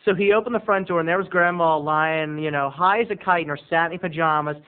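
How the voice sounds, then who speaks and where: A man's voice: fairly high pitch, fast, a little hiss or hum. A camp, rambling man telling a funny family story. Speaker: video blogger. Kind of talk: comic storytelling to camera. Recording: lo-fi, phone-like webcam audio.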